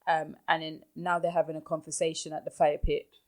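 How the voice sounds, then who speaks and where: Woman, podcast host, lowish voice, blunt and exasperated. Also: level tone, fairly quick. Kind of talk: casual recap chat.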